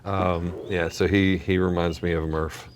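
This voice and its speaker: A man's voice: low voice, flat delivery, a little slow, background noise. A man hosting a podcast on location at an animal shelter, chatting casually and often repeating his words as he goes. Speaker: podcast host. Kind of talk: casual interview.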